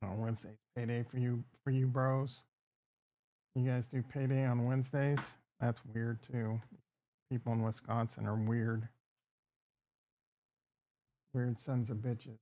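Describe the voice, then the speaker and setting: A man's voice: medium pitch, flat delivery, measured pace, pauses often, dark tone, no room sound. A man hosting a casual livestream, rambling and crude as he jokes with his chat. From Upper Midwest. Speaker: livestream host.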